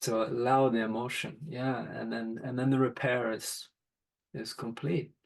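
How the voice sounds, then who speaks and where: A man talking as a podcast guest and father, in a gentle, thoughtful, unhurried conversation. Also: medium pitch, level tone, gravelly, poor audio. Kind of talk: reflective conversation.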